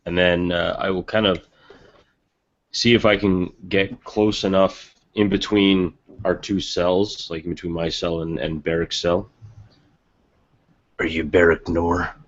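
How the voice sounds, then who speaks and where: Deep, slow-talking male player. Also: flat delivery, dull audio. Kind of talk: casual tabletop play.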